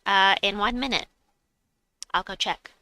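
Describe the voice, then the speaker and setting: Bright, chatty woman streamer. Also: medium pitch, a little slow, dry recording, poor audio. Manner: chatty, reads chat aloud, laughs often. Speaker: game streamer. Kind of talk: casual live-stream chat.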